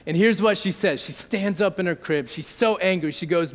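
High-voiced pastor in a reverberant hall. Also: male voice, normal speed, hardly any pauses, a little hiss or hum. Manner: conversational storytelling with frequent check-ins to the audience. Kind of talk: sermon. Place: church hall.

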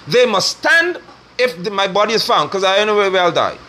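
A middle-aged man delivering a forceful, scolding sermon online, preaching hard at his listeners. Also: sits high, very animated, brisk.

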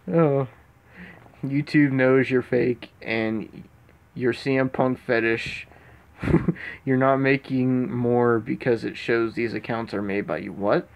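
A man's voice: medium pitch, takes it slowly, gravelly, long pauses. A man reading out comments in a casual reaction commentary, laughing often as he reads. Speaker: YouTube commentary host.

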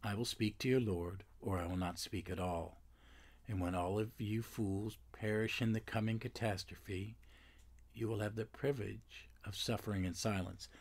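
A man voicing a solemn old male god and stern father figure as he reads a comic aloud, speaking in a grave, slow and low way. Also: steady tone, darkish tone.

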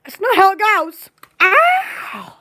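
A woman's voice: very high-pitched, animated, moderate pace, fairly bright tone. A woman chatting casually on a live store video, giggly and silly, drawing out words playfully. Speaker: store vlogger.

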